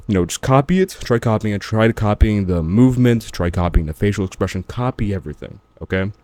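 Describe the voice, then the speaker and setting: A man's voice: low voice, dark tone. A man talking straight to the viewer in a casual, slangy, motivational vlog. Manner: slangy, emphatic, addresses the viewer directly. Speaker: self-improvement vlogger. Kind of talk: casual motivational talk to camera.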